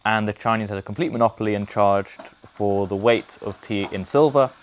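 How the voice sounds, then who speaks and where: A man casually explaining a bit of history, dry and teasing, unhurried. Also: lowish voice, a little hiss or hum. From United Kingdom.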